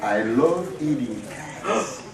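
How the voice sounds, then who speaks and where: A man voicing a hungry, menacing wolf in a picture-book reading, drawing out his words slowly as he gloats. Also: medium pitch, animated, a crowd in the background. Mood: gloating. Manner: slow, drawn-out, gloating. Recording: echoey room, heard from far off.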